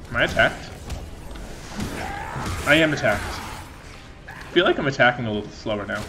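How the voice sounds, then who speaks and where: A man's voice: mid-range voice, lively intonation, brisk, long pauses, pushed and bright, a little hiss or hum. A young man giving rambling, sarcastic, profane commentary while playing a video game. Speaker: let's play gamer. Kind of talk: casual gameplay commentary.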